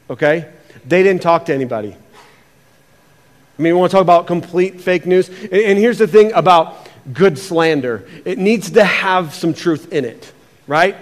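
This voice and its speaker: A man preaching a sermon as pastor, animated, often repeating words and acting out quotes. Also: high-pitched, normal speed, in a large hall.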